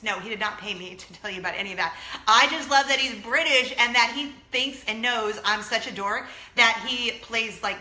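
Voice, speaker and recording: A woman's voice: medium pitch, bright, forceful tone, echoey room. A woman in her thirties hosting a chatty vlog, gushing and talking straight to her viewers. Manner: bubbly, gushing, talks to viewers directly. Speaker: vlog host.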